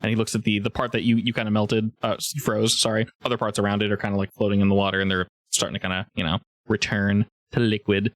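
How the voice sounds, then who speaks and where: A man's voice: fairly low pitch, flat delivery, quick pace, few pauses, no room sound, clean studio sound. A man narrating as game master in a rambling, laughing way with many restarts.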